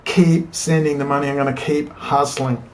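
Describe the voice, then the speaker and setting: A man with a fairly high-pitched voice delivers a heated, digressive talk straight into a laptop webcam at home. He urges and exhorts his viewers, then drifts into tired, muttered asides before rallying again. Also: level tone, moderate pace, a little hiss or hum. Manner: fervent, exhorting, digressive, swings from urgent to weary. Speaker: political video blogger. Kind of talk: impassioned rambling monologue to camera.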